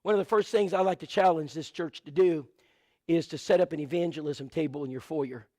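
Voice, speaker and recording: In a slightly high, mellow voice and at a fairly quick pace, a man preaches to his congregation, mixing stories with rattled-off supply lists and frequent asides. There's no echo on the recording.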